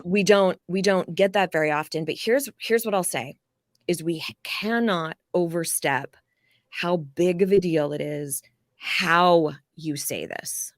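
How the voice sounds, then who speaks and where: A woman life coach explaining ideas in a casual, animated podcast interview, with occasional swearing. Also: fairly low pitch, unhurried, dry recording, studio quality. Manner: animated, explanatory, acts out quoted people.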